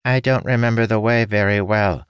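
A man's voice: lowish voice, fairly even intonation, normal speed, smooth, dry recording, clean studio sound, voice pushed up, lightly acted. A man voicing a nasal, formal male winged creature with a trunk in a storybook reading. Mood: formal, grateful. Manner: stiff, formal phrasing.

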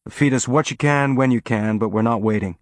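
A man playing a spaceship captain giving brisk orders during a raid. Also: medium pitch, no room sound, lightly acted. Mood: commanding. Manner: brisk, commanding.

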